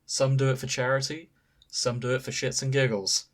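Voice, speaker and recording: Man, podcast co-host, middling pitch, wry, dry asides, casual chat. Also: little pitch movement, moderate pace.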